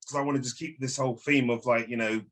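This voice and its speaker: A man's voice: mid-range voice, fairly even intonation, fast talker, a bit bright. A man hosting a casual interview over a video call. He talks in a friendly way and often repeats his words as he goes. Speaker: interview host.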